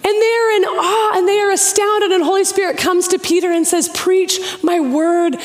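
A woman pastor preaching a sermon, telling stories with slow emphatic pauses and quick lively bursts. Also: very high-pitched, faint music behind. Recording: long hall reverb.

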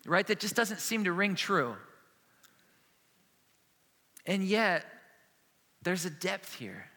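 A man's voice: on the high side, normal speed. A man preaching a sermon as a pastor, earnest and conversational, speaking plainly about faith and struggle. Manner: earnest, conversational preaching with a hushed closing prayer. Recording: long hall reverb.

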